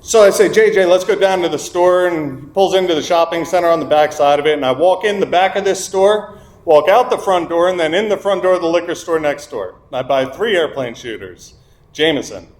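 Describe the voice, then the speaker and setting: A young man stands before a recovery group and tells his drinking story with candid, self-mocking humor, voicing the people in it. His voice sits a bit high, and the room rings with echo. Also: a little fast. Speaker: speaker at a recovery meeting. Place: meeting room. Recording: echoey meeting room.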